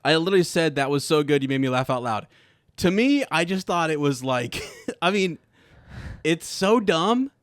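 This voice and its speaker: A man's voice: fairly high pitch, lively intonation, normal speed, no room sound, studio quality. A man co-hosting a casual podcast chat, reading jokes aloud, laughing often and stumbling over words. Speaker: podcast co-host.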